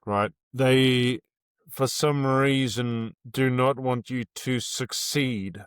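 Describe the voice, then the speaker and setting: Man, podcast host, agreeable, smooth voice, dry sound. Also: medium pitch, steady tone, takes it slowly, no echo. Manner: agreeable, chiming in. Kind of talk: casual podcast chat.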